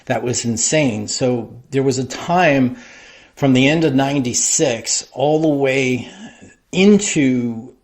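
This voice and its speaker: A man's voice: medium pitch, takes it slowly. Rambling middle-aged man telling stories. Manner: rambling, animated anecdote telling with many fillers. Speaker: interview guest, wrestling creative. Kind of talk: casual storytelling interview.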